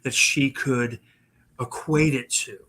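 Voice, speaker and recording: Against a crowd in the background, a man with a medium-pitched, steady voice speaks slowly. He's a guest paranormal investigator recounting his own experiences in a loose, rambling style, full of fillers and do-overs.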